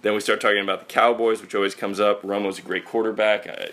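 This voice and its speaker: A man's voice: lowish voice, little pitch movement, fast talker, fairly bright tone. A man hosting a podcast, telling a wry, profane, rambling story in casual chat. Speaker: podcast host.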